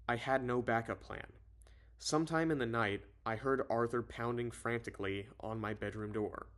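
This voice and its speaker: A man's voice: mid-range voice, normal speed, a bit bright. A man reading a novel aloud and commenting on it casually, rambling and often correcting himself. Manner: rambling, full of fillers and self-corrections. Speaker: reader and commentator.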